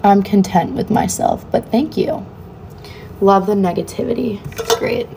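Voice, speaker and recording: Young woman livestreamer, mellow voice, casual comment-reading chat, faint hiss on a phone mic. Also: medium pitch, a little slow, creaky. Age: young adult. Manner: chatty, reads comments aloud and answers them offhandedly.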